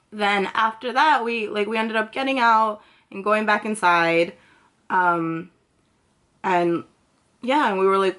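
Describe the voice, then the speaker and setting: A woman's voice: medium pitch, fairly bright tone. A young woman vlogging, telling a personal story in a chatty, casual way, full of filler words and swearing freely.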